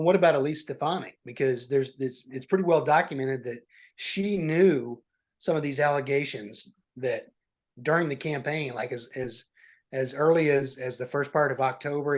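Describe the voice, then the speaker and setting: A man's voice: medium pitch, moderate pace. Stammering man in casual political chat. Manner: stammers and restarts often when making a point. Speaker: podcast co-host.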